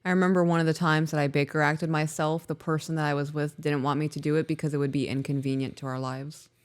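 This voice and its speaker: A man co-hosting a podcast in casual chat, frank and quick to chime in. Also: a little high, level tone, clear, resonant tone. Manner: quick agreeing interjections, frank. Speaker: podcast co-host.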